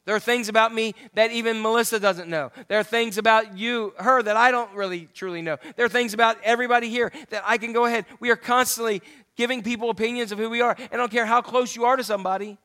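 A man's voice: very high voice, fairly even intonation, fast talker, pushed and bright, clean tone. A male preacher giving a conversational sermon that quotes scripture and asks the listeners direct questions.

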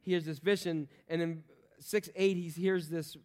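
A man preaching a sermon, animated and playful, acting out voices in the stories he tells. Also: fairly high pitch, normal speed. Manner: animated, acts out voices in quotes, jokes with the congregation. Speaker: pastor.

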